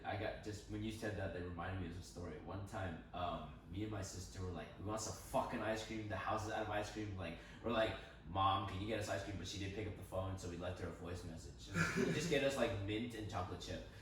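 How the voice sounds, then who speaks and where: A young man in casual podcast chat, telling stories in an animated way, swearing and laughing. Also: deep voice, fast talker, hardly any pauses, very echoey, distant mic, a little hiss or hum, rough recording. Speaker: podcast co-host.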